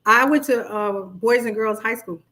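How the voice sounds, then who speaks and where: A woman's voice: on the high side, normal speed, a bit bright. A middle-aged woman with a New York accent, a life coach talking casually on a livestream and greeting her viewers by name. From Brooklyn, New York. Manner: chatty, greets commenters by name.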